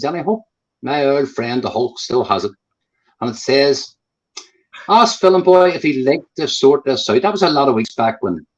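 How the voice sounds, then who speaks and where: A man from Northern Ireland with a Northern Irish accent, talking in blunt, profane casual chat and repeating himself for emphasis. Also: medium pitch. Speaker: guest on a live chat stream. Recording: dull lo-fi call audio.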